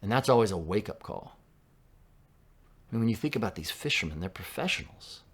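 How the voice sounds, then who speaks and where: Pastor, male, lowish voice, laid-back conversational sermon. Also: animated, fairly quick, breathy edge. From Southern California. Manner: conversational preaching, drops to a hush for quoted lines.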